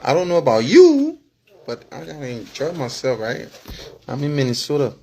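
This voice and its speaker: A man's voice: a little high, wildly swooping pitch, moderate pace, dark tone, slightly rough. A man with a Liberian English accent, talking casually and with feeling to his followers, often checking in with "you understand?" and chuckling. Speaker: political vlogger and former candidate.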